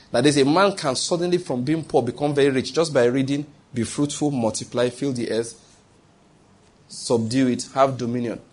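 A man's voice: medium pitch, slightly rough. A man preaching a sermon, emphatic, posing questions to the congregation and answering them himself.

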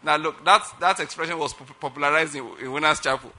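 A man's voice: on the high side, fast talker, pushed and bright. A middle-aged man preaching a sermon emphatically, often checking that listeners follow his point. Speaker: pastor.

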